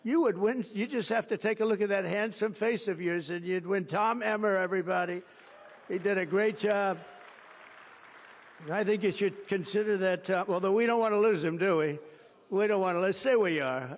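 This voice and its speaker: A man with a high-pitched voice speaks off the cuff at a podium, wandering into chatty asides and piling on superlatives. His voice comes through a dull, lo-fi broadcast feed. A long reverb trails behind each phrase, as if through a public address system. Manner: rambling, ad-libbed asides heavy with superlatives. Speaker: president addressing a signing ceremony. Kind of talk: off-the-cuff ceremonial speech.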